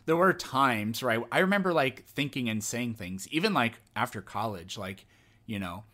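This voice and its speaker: A man's voice: mid-range voice, expressive, normal speed, bright, forceful tone. A man hosting a casual podcast conversation, reflective and thinking aloud as he talks. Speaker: podcast host.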